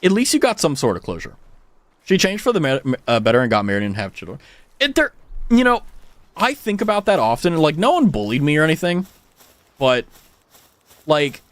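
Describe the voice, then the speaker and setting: Lively young American man chatting on stream. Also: a little high, moderate pace, pauses often, no room sound. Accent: General American. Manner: animated storytelling, frequent swearing, many fillers. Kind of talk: casual chat with stream viewers.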